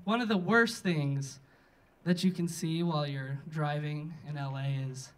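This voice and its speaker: A young man doing a stand-up set and hosting, deadpan and self-mocking, then speeding into animated rants. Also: fairly high pitch, measured pace. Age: young adult. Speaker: stand-up comic and host. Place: comedy club stage. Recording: live room with crowd laughter.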